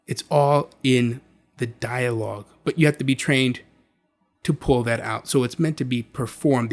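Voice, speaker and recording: Man casually explaining. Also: mid-range voice. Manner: conversational, frequent restarts and fillers. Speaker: video host.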